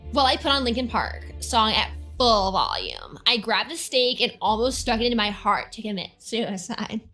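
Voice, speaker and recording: A woman's voice: a little high, lively intonation, normal speed, pushed and bright, soft background music. A young woman giving a comedic dramatic reading, giggly and mock-dramatic, with swearing asides. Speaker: reader.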